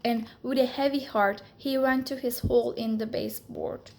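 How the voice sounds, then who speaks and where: A woman reading a children's picture book aloud in a slow, expressive storytelling manner. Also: fairly high pitch, creaky.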